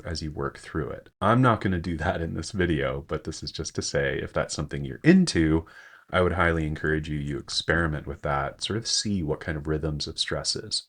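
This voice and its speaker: A man giving a screen-share poetry lesson, thinking aloud with frequent fillers and self-corrections. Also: very deep voice. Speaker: teacher.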